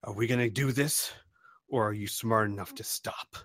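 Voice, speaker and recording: A man's voice: fairly low pitch, moderate pace, fairly bright tone, natural voice. A man voicing an angry male combat robot with a cold, robotic, venomous delivery. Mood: menacing.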